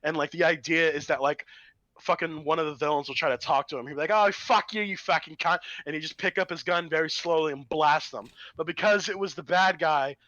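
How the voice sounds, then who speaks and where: A man with a bright, ringing, slightly high voice rambles through a story, swearing freely and laughing as he goes. The sound is close and dry, with no room behind it. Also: steady tone, quick pace, no room sound, highs cut off. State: recovering from illness. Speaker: podcast co-host. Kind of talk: casual chat.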